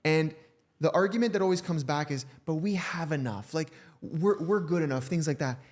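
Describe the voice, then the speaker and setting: A man hosting a casual podcast chat. His voice sits a bit on the high side, and he keeps checking in with "right?" as he reasons things out. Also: normal speed, darkish tone. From Canada.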